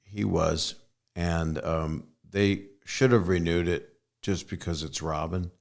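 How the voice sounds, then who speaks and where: A man's voice: low voice, steady tone, slow, creaky. A man in his sixties hosting a podcast, asking rambling, enthusiastic questions in casual chat. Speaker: podcast host.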